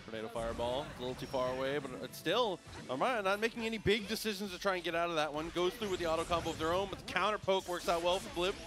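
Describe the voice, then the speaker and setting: A man giving steady play-by-play commentary on a fighting game match, explaining the technique. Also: sits high, fast talker, few pauses, music in the background. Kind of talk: live esports commentary.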